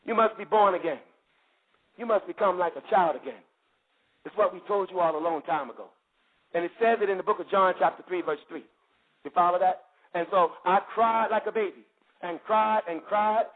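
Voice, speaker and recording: Animated man telling a story over a phone line. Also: high-pitched. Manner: animated storyteller, laughs often, repeats phrases. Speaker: spiritual group member giving testimony. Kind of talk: rambling spoken testimony. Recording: tinny phone-line audio.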